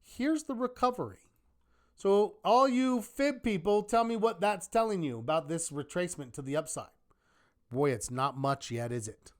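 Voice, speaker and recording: A man teaching a live online trading class in a lively manner, often asking rhetorical questions. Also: high voice, normal speed. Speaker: trading instructor.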